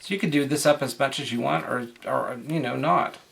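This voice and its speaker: A man's voice: medium pitch, a little fast, gravelly, fairly bright tone. A man talking casually through a craft tutorial, rambling with lots of fillers and restarts.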